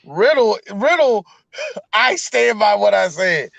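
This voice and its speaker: Man, high voice, casual profane podcast banter, dull lo-fi dry sound. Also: very animated, slow pace, creaky, fairly bright tone, dry recording. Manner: loose, profane, laughs often. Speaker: podcast co-host.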